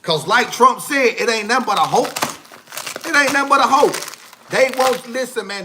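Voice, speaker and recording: A man holds forth on his own livestream in a heated, rambling rant. His voice sits high and sounds bright and forceful. He repeats his points over and over in loose, slangy speech. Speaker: livestream host.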